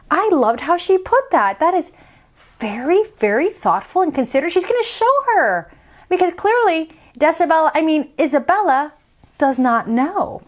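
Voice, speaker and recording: A woman's voice: high voice, big pitch swings, normal speed. A woman reading a story to children in a theatrical, playful way.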